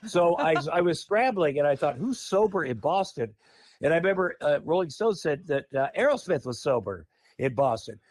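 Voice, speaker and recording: A man telling a story on a podcast in a casual, animated, profane way. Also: a little high, a little fast, no room sound. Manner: animated, profane, laughing often. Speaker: podcast guest.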